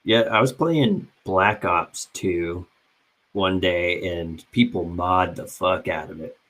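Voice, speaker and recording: A man's voice: deep voice, slow, fairly bright tone. A young man in casual chat with friends as co-host, laid-back and brief. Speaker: podcast co-host.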